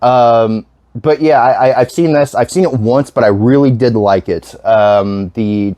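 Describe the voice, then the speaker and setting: A man chatting casually on his vlog, rambling from one thought to the next and swearing freely. He restarts sentences often, in a mid-pitched voice with a dry, close sound. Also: unhurried, mellow, no echo. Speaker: vlogger. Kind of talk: casual chat.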